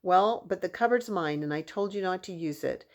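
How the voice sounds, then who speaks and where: A woman voicing a possessive, bratty boy who whines and shouts. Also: lowish voice, moderate pace, natural voice. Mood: defiant. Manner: whiny, shouting.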